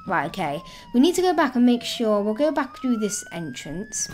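A woman hosting a gaming video, chatting excitedly and thinking aloud as she plays. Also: high voice, normal speed, slight background noise. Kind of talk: casual let's-play commentary.

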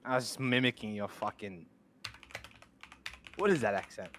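A man's voice: on the low side, moderate pace, a bit bright, slight background noise. A man playing in an online role-play game, teasing and mocking the other player with casual swearing.

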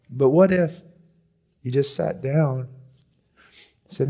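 A middle-aged man preaching a sermon at a conference, moving between loud emphatic reading and soft, hushed pleading. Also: medium pitch, takes it slowly, long pauses. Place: conference hall.

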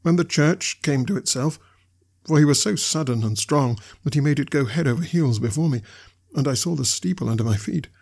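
A man reading a classic novel aloud as an audiobook narrator, with measured storytelling delivery. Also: fairly high pitch, gravelly, darkish tone, breathy edge.

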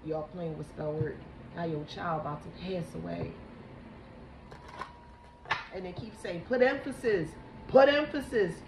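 Lady doing a tarot reading, lowish voice, halting and emotional, echoey noisy room. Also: steady tone, creaky. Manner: halting, emotional, repeats herself. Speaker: tarot reader. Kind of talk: psychic reading vlog. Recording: echoey room with background noise.

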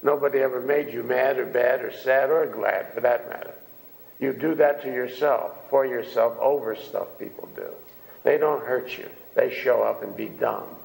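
A man delivers a sermon in a conversational, folksy way, often asking his listeners questions. His voice is deeply gravelly and full of fry. The sound carries a long reverb from the hall he speaks in. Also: normal speed, darkish tone. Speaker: minister. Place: church hall.

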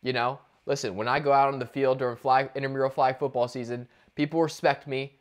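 A man's voice: mid-range voice, brisk. A man co-hosting a sports podcast, ranting in casual talk with lots of restarts. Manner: animated ranting, many restarts and fillers. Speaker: podcast co-host.

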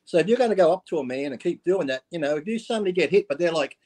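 A man's voice: fairly high pitch, expressive, very fast, darkish tone. A man, a guest on a live stream, chatting bluntly and profanely as he tells stories and acts out quotes. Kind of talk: casual chat on a live stream.

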